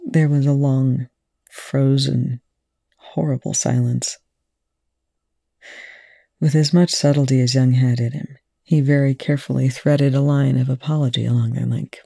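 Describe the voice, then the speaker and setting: Gravelly dark-voiced story reader. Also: mid-range voice, fairly even intonation, measured pace, long pauses, dry recording, studio quality. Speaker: audiobook reader. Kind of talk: reading fan fiction aloud.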